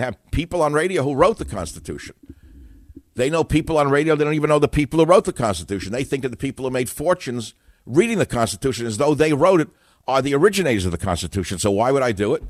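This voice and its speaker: A man's voice: mid-range voice, no room sound, studio quality. An older man hosting a call-in radio talk show, opinionated, emphatic and self-assured, combative in his monologues.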